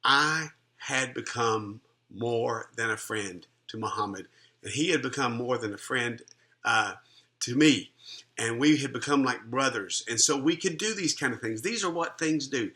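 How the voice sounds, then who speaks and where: Middle-aged male minister, bright forward tone, earnest conversational testimony with restarts. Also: medium pitch, moderate pace. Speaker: Christian minister and life coach. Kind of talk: personal testimony storytelling.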